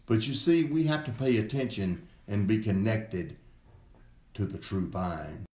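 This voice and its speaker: Slow emphatic male pastor, echoey room. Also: fairly low pitch, a little mellow. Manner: slow and emphatic, repeating key words. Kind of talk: sermon.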